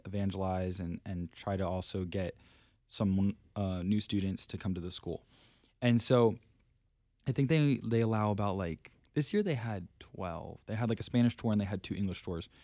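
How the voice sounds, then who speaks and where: Low-voiced young man telling stories. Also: a little mellow, no room sound, studio quality. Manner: self-deprecating, laughs often, lots of fillers. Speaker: podcast guest. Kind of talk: casual storytelling chat.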